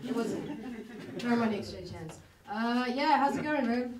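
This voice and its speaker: A woman's voice: on the high side, animated, moderate pace, recorded from a distance. A woman performing a stand-up comedy set, self-deprecating and rambling, often laughing at her own jokes. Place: comedy club stage. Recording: echoey club room, mic heard from afar, loud crowd.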